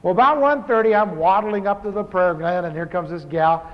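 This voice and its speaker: A pastor in his fifties tells his own testimony with humor, talking like he's chatting with friends and often restarting his sentences. His voice sits high for a man. It rings through a large hall on a dull, lo-fi tape. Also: brisk. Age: 50s. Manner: conversational storytelling with restarts.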